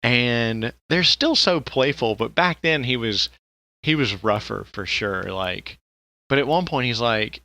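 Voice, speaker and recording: A podcast co-host rambles in casual chat, swearing freely and laughing often. His mid-range voice is bright and forceful, with lively intonation and a measured pace, in a dry recording.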